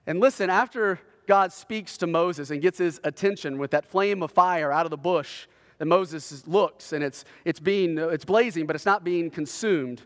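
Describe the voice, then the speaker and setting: Earnest male pastor in a reverberant hall. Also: a little high. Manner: earnest, slows and lifts his voice when quoting scripture. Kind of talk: sermon.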